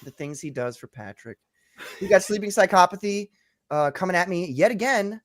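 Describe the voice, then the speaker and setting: Male stream host, animated delivery, dry mic, laughs a lot. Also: high voice, moderate pace, no echo. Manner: laughs often, reads chat names. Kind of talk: casual livestream chat.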